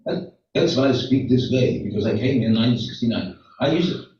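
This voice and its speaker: A man's voice: lowish voice, fast, a little mellow. An older man, a rabbi, telling jokes to his congregation in a rambling, chatty way with asides. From outside the United States. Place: synagogue hall. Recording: echoey hall, distant, dull room mic.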